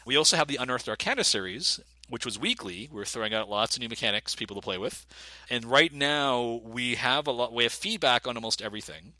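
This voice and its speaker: An American man with a very bright, forward voice chats casually as a guest game designer. He rambles along with restarts and fillers. The sound is dry and close, with no room around it. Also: medium pitch, fairly quick, dry recording. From United States. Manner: rambling with many restarts, lively when excited. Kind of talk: casual interview.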